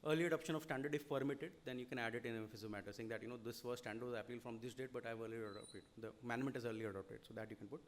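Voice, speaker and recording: Rapid-fire Indian man lecturing. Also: medium pitch, steady tone, a little hiss or hum. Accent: Indian English. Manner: rapid, explanatory, frequent "you know" and "okay?". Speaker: lecturer on audit reporting. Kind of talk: seminar lecture.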